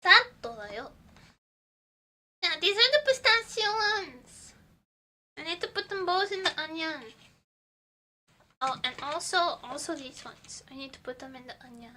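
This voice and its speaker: A high, squeaky woman's voice with a very bright, sharp edge. Her first language is Portuguese, and she chats loosely on a livestream, giggling and trailing off mid-thought. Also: normal speed. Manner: giggly, rambling, playful. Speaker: streamer. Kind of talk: casual livestream chat while baking.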